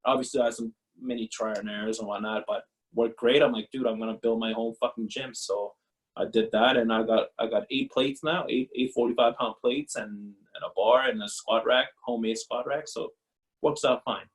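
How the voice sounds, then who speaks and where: A man's voice: medium pitch, fairly even intonation, moderate pace, poor audio. Blunt, profane man ranting. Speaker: guest, former pro pitcher. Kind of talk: casual interview chat.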